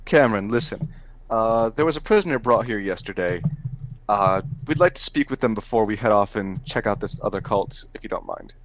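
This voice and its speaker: A man's voice: on the low side, animated, brisk. A man playing a tabletop game, joking and theatrical in character. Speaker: player. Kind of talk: in-character tabletop role-play.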